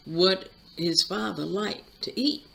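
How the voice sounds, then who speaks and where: Slow gravelly woman retelling a movie. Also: lowish voice, a bit bright, a little hiss or hum, low-quality recording. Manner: chatty, drawn-out storytelling with asides. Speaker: YouTube channel host. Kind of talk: casual movie plot retelling.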